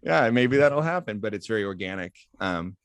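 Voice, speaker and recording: A man's voice: fairly low pitch, moderate pace, smooth, no room sound. A man, a life coach telling stories in a casual interview and acting out the dialogue. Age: 40s. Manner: animated storyteller acting out quoted dialogue. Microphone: close podcast mic.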